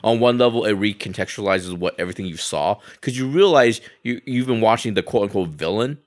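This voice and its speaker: A man's voice: fairly low pitch, animated, brisk. A man who is the movie correspondent on a podcast, chatting in a rambling way and often tacking on "and stuff like that". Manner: rambling, full of restarts and fillers like "and stuff like that". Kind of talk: casual podcast chat.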